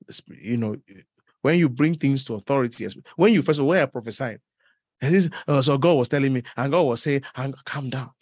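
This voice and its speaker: A man preaching a sermon in an animated, teasing way, laughing often and leaping up in pitch. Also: no echo, clean studio sound. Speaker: pastor.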